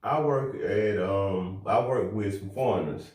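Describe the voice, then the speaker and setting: A man's voice: lowish voice, unhurried, darkish tone. A man co-hosting a podcast in casual chat, telling rambling stories in an easygoing way and laughing along. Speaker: podcast co-host. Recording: very echoey room, mic far off.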